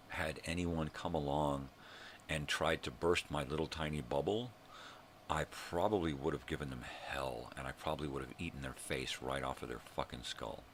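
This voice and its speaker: An older man hosting his own daily vlog, ranting angrily and swearing, with bursts of shouting. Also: extremely low pitch, normal speed, slight background noise. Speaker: vlog host. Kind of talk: angry profane rant.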